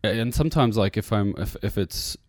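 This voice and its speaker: Speaking at a moderate pace in a lowish, expressive voice, a New Zealand man who is a musician rambles through a casual interview, restarting often and using many fillers. It's recorded on a radio studio mic, studio quality, without echo.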